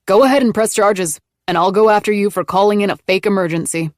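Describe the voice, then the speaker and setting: A woman voicing an angry, hot-tempered man who shouts indignant outbursts in an audiobook. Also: medium pitch, fast talker, dry recording, studio quality, natural voice.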